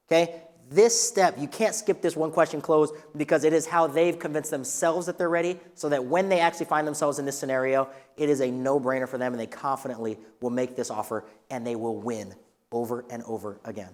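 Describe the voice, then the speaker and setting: A male trainer leads a live workshop for agents, talking in an energetic coaching manner and quizzing the audience as he goes. His voice sits at an ordinary middle pitch. The sound carries the long reverb of a large hall. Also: brisk. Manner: energetic, coaching, asks the room questions. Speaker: real estate trainer.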